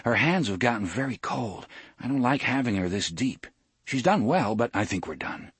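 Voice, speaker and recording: A man voicing a gentle, worried young man. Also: medium pitch, animated, moderate pace, husky, dry recording, voice pushed up.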